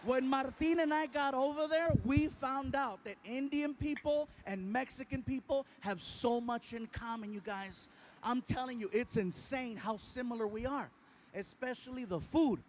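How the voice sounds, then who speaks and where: High-voiced man doing stand-up. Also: moderate pace, some chatter behind, a little hiss or hum. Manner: animated storytelling, acting out other people. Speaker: stand-up comedian. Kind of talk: stand-up comedy routine.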